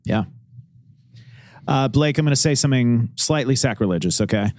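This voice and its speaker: A man hosting a podcast interview, asking questions in a playful, joking way with pitch that jumps around. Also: animated, normal speed, darkish tone, no echo. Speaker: podcast host.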